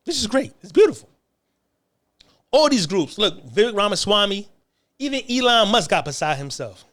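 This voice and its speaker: Man with a high voice, from the US, taunting profane rant, mocking laughs, stammering restarts. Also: a bit bright. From United States. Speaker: online commentator. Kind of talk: monologue rant to camera.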